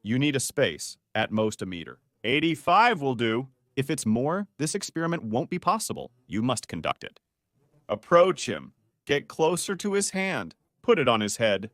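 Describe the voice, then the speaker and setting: Lively, animated male doctor teaching. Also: medium pitch, normal speed, no room sound, studio quality. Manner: lively, playful teaching with quiz questions to viewers. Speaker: doctor explaining spine health. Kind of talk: video lesson.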